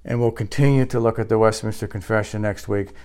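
A man's voice: steady tone, fast, clear, resonant tone. A male pastor delivering a sermon, emphatic and rising sharply on questions and quotes. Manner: closes in a quiet, low prayer.

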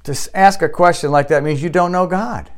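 A male pastor delivering a sermon, emphatic and rising sharply on questions and quotes. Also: fairly quick. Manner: closes in a quiet, low prayer.

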